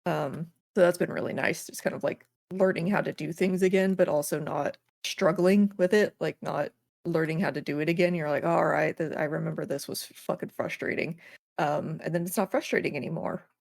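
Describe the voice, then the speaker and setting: A woman co-hosting a casual podcast chat, telling animated stories with squeaky acted-out voices, casual swearing and frequent laughs. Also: brisk, gravelly, no echo, studio quality. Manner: animated storytelling, acts out villagers in high squeals. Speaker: podcast co-host.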